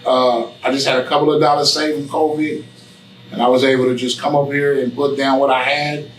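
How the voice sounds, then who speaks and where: A man telling his story in a casual interview, with preachy, animated storytelling and street slang. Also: medium pitch, a little fast, echoey room, distant mic, slight background noise, poor audio. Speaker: guest, barbershop owner. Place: barbershop.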